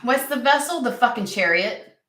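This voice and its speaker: A woman giving a casual tarot reading, excitable and profane, who argues back at the cards she draws. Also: fairly high pitch, moderate pace, echoey room, far from the mic. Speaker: tarot reader.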